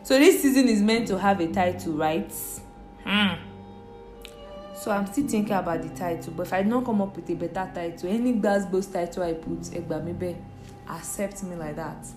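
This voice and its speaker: A woman with a Nigerian accent hosting her own podcast in a casual, playful, chatty way, jumping between loud bursts and quiet asides. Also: fairly low pitch, moderate pace, reverberant, over music. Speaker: podcast host. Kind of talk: casual solo podcast chat.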